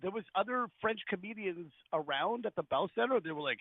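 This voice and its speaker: A man's voice: high voice, fast, few pauses, dry recording. A man, a comedian, telling stories in a casual interview and acting out the people he quotes. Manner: animated storyteller, acts out quoted people. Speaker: comedian guest. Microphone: phone line. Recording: tinny phone line, dry.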